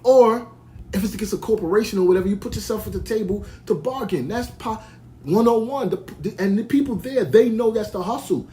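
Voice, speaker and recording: A man's voice: high-pitched, brisk, dark tone, a little hiss or hum. A man from Brooklyn, hosting a podcast in a heated, rambling rant full of restarts. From United States (Brooklyn). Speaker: podcast host. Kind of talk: ranting monologue.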